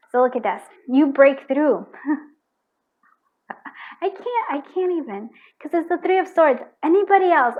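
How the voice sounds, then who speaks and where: High-pitched lady doing a tarot reading, gushing and emotional, lots of restarts. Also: narrow, tinny audio. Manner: effusive, emotional, frequent laughs and restarts. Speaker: tarot reader. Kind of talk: pick-a-card tarot reading.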